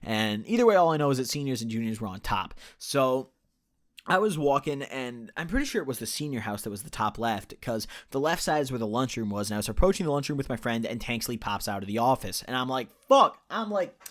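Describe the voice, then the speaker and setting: A man's voice: medium pitch, expressive, quick pace, no echo, studio quality. A young man in his late teens telling a personal story in a casual, rambling way, swearing freely and correcting himself as he goes. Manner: rambling, profane, restarts and self-corrections. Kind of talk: casual storytime chat over gameplay.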